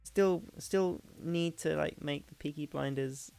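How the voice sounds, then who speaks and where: A woman streamer in a casual hangout chat, talking fast and loose with frequent laughs and restarts. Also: sits low, vocal fry, dark tone, smooth, faint music behind. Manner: chatty, laughing, restarts sentences.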